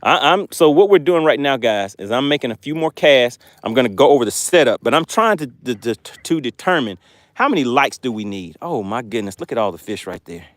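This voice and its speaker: A man's voice: mid-range voice, animated, fairly quick, dry recording. Chatty man hosting a fishing livestream. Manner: chatty, reads viewer comments aloud. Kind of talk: casual live-stream commentary. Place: outdoors on a boat on a lake.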